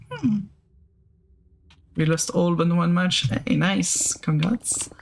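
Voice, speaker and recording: Gravelly Swiss-French man chatting on stream. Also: high voice, takes it slowly, long pauses, a little hiss or hum. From Switzerland. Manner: rambling, many fillers and restarts, answers chat. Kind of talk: casual live-stream chat.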